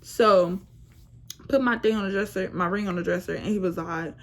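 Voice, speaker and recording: Young woman with a gravelly, creaky voice. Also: mid-range voice, normal speed. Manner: animated, slangy retelling. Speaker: vlogger. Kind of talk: casual storytime.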